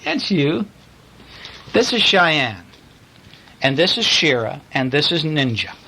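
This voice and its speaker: A man reads bedtime picture books to a child while lying in bed. His bright voice rises and falls in a lively way. He keeps stopping to chat about the drawings. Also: a little high, gravelly, rough recording. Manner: playful, chatty, pauses to point at pictures. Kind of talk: bedtime story reading. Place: in bed at home.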